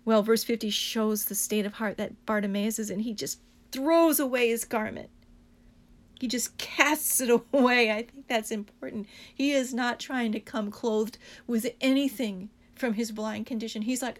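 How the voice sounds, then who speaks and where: A woman with a high voice delivers a sermon with fervor. She leans hard on repetition and builds to emphatic declarations. Her speech stays urgent and insistent throughout. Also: moderate pace. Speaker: preacher.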